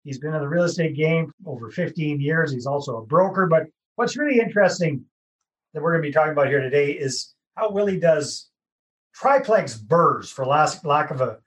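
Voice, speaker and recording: A man from Canada hosts a podcast interview over a remote connection. His voice sits a little high for a man, and his talk is friendly, with easy joking banter. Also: animated, normal speed. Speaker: podcast host. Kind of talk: casual interview chat.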